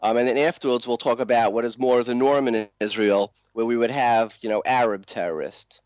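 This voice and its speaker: Male talk host, earnest and measured, mid-pitched voice in a dry, close sound. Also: steady tone, a little mellow, no echo. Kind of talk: hosting a talk program.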